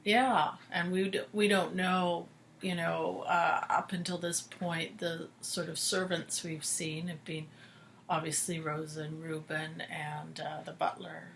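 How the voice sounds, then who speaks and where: A woman's voice: fairly low pitch, level tone, unhurried, creaky, fairly bright tone, a little hiss or hum. A woman co-hosting a podcast, discussing soap opera episodes in an engaged, analytical way. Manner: engaged, analytical, backchannels often. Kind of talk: casual chat.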